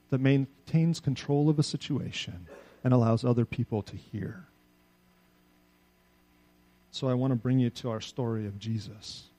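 A middle-aged man preaching a sermon in a conversational, animated way, often asking his listeners "right?". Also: medium pitch. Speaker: pastor.

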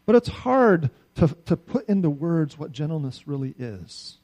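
A middle-aged man delivers a sermon with an easy, conversational warmth, tossing rhetorical questions to his listeners. His voice sits a little higher than most men's yet sounds mellow and soft-edged. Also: measured pace. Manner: conversational, animated preaching with frequent rhetorical "right?". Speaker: pastor.

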